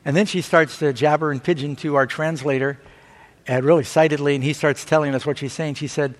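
A man preaching a sermon, telling stories with rising excitement and asking the audience for amens. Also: a little high. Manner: animated storytelling preacher. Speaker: pastor. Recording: long hall reverb.

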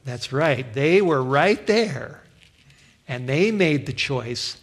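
A man's voice: mid-range voice, expressive, slow. A man preaching, telling a personal testimony in an earnest way, with frequent restarts. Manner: earnest storytelling with many restarts. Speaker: pastor. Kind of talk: sermon testimony.

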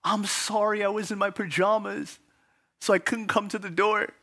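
A man voicing a frail elderly woman with a squeaky voice while telling a story in a sermon. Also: steady tone, normal speed, sharp tone, exaggerated voice. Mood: timid.

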